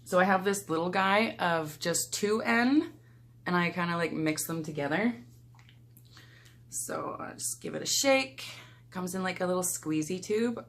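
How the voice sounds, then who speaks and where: Young woman vlogger, low-ish voice, unhurried, casual makeup chatter. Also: slight background noise. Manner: chatty, relaxed, talks while applying makeup. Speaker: beauty vlogger. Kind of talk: casual get-ready-with-me talk.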